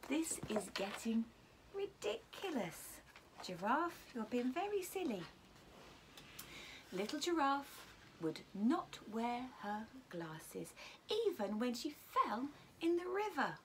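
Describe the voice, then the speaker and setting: Teacher lady reading a kids story, slow and bouncy, voice going up and down a lot, sometimes whispering. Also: on the high side, a little hiss or hum. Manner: animated, asks children questions, often drops to a whisper. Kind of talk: reading a picture book to children.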